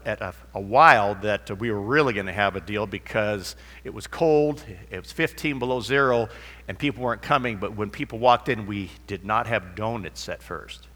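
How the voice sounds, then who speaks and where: A man's voice: mid-range voice, bright, forceful tone. A man preaching a sermon in a rambling, anecdotal way with many restarts. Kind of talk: sermon with a told joke. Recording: long hall reverb.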